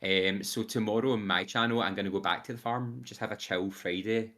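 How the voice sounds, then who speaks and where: Brisk and steady in tone, a young man co-hosts a casual podcast chat in a lowish, fairly bright voice. He's enthusiastic and rambles with fillers, animatedly quoting voices as he goes.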